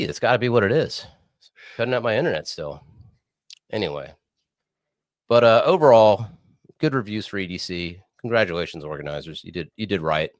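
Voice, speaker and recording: Young male co-host, very low and lively pitch, hoarse, profane rambler on a dry call line. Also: no room sound. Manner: rambling, profane, laid-back. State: hoarse from screaming. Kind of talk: casual podcast chat. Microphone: remote video call.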